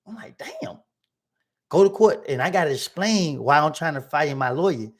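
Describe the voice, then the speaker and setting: Gravelly man telling a story. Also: on the high side, fairly quick. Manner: animated, acting out both sides of arguments in his story; slangy street vernacular. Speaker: livestream host telling a story. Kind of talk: casual storytelling to a livestream audience.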